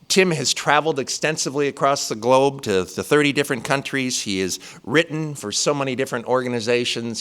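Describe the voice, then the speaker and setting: A man's voice: medium pitch, a bit bright, clear, resonant tone. A man introducing a keynote speaker, giving praise with light humor. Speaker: event introducer.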